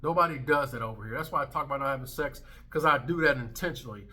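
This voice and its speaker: A man's voice: medium pitch, quick pace, sharp tone. A man in his thirties hosting a commentary vlog, ranting in a brash, emphatic way and swearing freely. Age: 30s. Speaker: commentary channel host.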